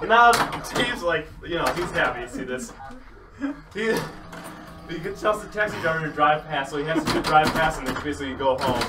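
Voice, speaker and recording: Recorded on a distant mic amid loud arcade noise in an echoey pinball arcade or game room, a high-pitched male show host rambles through a long story on his livestream chat, laughing often and using many fillers.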